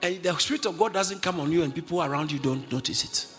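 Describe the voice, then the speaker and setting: Guy preaching hard, bright sharp voice, shouts a lot, faint music in the back. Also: on the high side, fast. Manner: emphatic, often shouting, gets the congregation to repeat lines. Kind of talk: sermon. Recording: long hall reverb.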